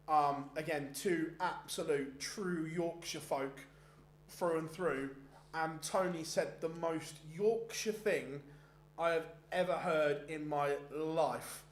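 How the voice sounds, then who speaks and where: Chatty man, roomy echo. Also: fairly high pitch. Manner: chatty, rambling, frequent um and self-restarts. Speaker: darts stream host. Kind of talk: casual chat and live darts commentary. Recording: roomy echoey sound.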